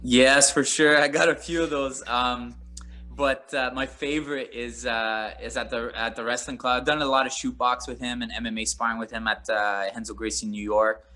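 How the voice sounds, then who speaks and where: A man, a former MMA fighter, telling stories in a casual interview, animated and rambling with frequent laughter. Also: medium pitch, moderate pace. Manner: animated, rambling, laughs often, many fillers.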